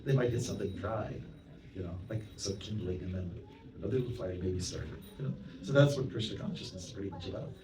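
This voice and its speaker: Chatty monk lecturing in a roomy hall. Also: male voice, low-pitched, fast, noisy background. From Canada. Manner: chatty, anecdotal, with many "you know" asides and audience questions. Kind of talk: storytelling sermon to a temple audience. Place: temple hall. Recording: roomy hall, mic at a distance, audience present.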